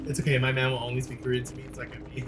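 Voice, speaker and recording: A man's voice: mid-range voice, flat delivery, rapid-fire, a bit bright, soft background music. A young man streaming a game, chatting with teammates in a dramatic, sassy way. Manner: dramatic, sassy, shrieking and laughing. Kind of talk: gaming livestream commentary.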